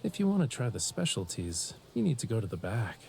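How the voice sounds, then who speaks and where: A man's voice: medium pitch, big pitch swings, brisk, creaky, a little mellow, slight background noise. A sly, teasing sea-folk man. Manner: playful, knowing. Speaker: game character.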